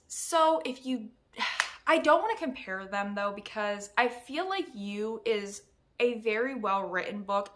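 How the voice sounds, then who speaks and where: A young woman giving a casual, animated book review, exasperated and laughing often. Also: fairly high pitch.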